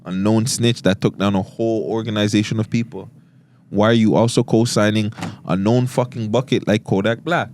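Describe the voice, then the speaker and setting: A man's voice: on the low side, fairly even intonation, normal speed, darkish tone, slight background noise. A man with a Toronto accent holds forth on a podcast, blunt and emphatic. He swears freely and hammers his points home. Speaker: podcast host. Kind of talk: heated podcast debate.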